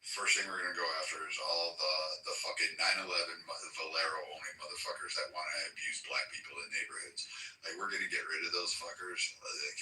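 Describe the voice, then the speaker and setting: A man's voice: very deep voice, bright, forceful tone. A man hosting a podcast, ranting angrily and swearing heavily. He is recorded in an echoey room with the mic at a distance. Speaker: podcast host. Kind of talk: profane political podcast chat.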